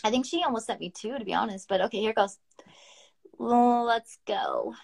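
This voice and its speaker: A woman's voice: a little high, normal speed, gravelly, darkish tone, breathy edge. Swearing young woman co-host reading poems. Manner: laughs often, swears casually, reads poems aloud. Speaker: podcast co-host. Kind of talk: casual chat and poetry reading.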